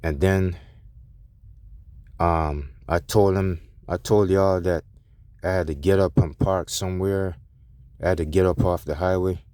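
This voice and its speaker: A man's voice: low-pitched, fairly even intonation, measured pace, long pauses, darkish tone, clear, resonant tone, no room sound, clean studio sound. A truck driver, a man, ranting heatedly to his viewers with a profane, defensive edge, often restarting his sentences.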